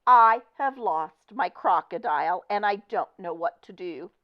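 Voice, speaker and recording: A woman's voice: medium pitch, expressive, measured pace, lightly acted. A woman reader voicing a flustered, anxious older woman who pleads politely for help. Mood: worried. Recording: dull lo-fi recording.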